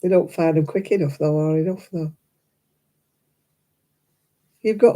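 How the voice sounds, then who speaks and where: A little slow and low-voiced, an older Oldham native with a dark tone crafts at a table at home while hosting a crochet livestream. She speaks with a Lancashire accent from Oldham, chatting casually with viewers, full of opinions and frequent laughter.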